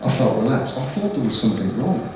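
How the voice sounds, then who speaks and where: A man's voice: medium pitch, sing-song, fast talker. A middle-aged man, earnestly telling a personal testimony to a church gathering. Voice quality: earnest, emotional storytelling. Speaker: speaker. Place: large echoey church hall. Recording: echoey hall, distant mic, noisy.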